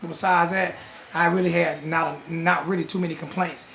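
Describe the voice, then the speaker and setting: A middle-aged man with a high, gravelly voice rants casually as a fan, teasing and laughing as he goes. He keeps ending his phrases with "man." He is recorded in an echoey room with a faint hiss of noise behind him. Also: a little fast. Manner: animated, teasing, laughing often; repeats "man" at ends of phrases. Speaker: fan commentator. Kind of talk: casual fan vlog rant.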